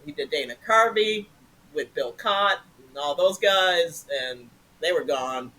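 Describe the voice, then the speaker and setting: A middle-aged woman, an improv performer, telling stories as a guest in a casual interview, animated and acting out quotes. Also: on the low side, a little slow, low-quality recording. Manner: animated, swings into loud acted-out quotes.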